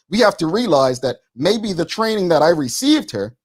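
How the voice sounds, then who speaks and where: A man, co-hosting a studio talk show and arguing his point quickly and emphatically, repeating words. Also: high voice, very animated, husky. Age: 40s. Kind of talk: studio debate.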